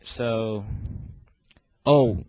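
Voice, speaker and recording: A man's voice: lowish voice, extremely slow, darkish tone, dull audio, slight background noise. A teenage boy in a casual vlog, rambling and self-deprecating, with lots of fillers and restarts. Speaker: video creator organizing a fan voice series.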